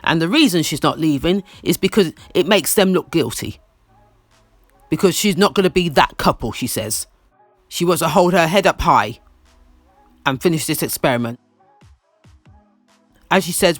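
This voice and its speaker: A man's voice: fairly high pitch, sing-song, unhurried, long pauses, dry recording. Opinionated guy recapping reality tv, bouncy up and down voice, dry close sound, faint music behind. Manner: opinionated, repeats lines for emphasis. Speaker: reality TV commentator. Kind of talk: casual recap commentary.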